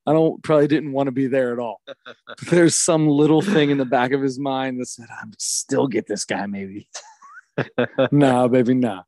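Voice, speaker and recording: A man in his thirties telling funny stories in casual chat, acting out the people he quotes in lively voices. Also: medium pitch, moderate pace, no room sound, studio quality. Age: 30s. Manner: animated storyteller, quotes others in lively acted voices. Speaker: podcast co-host.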